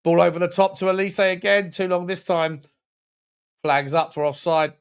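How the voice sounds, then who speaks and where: A man streaming a football watchalong, giving running commentary on the game with jokes and shout-outs to viewers. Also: high-pitched, moderate pace, smooth. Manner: jokey, excitable, chats with viewers between plays. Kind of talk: live match commentary and chat.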